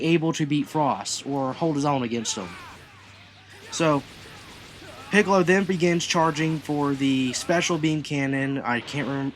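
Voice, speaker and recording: A man's voice: medium pitch, fairly bright tone, a little hiss or hum. A man casually reviewing an anime episode, chatty and rambling, full of asides as he recaps.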